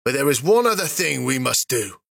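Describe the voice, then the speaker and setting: A man voicing a boastful, brutal male dwarf king in a storybook reading, speaking in slow, grand proclamations. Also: medium pitch, very animated, creaky, fairly bright tone, no echo, clean studio sound, exaggerated voice. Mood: proclaiming.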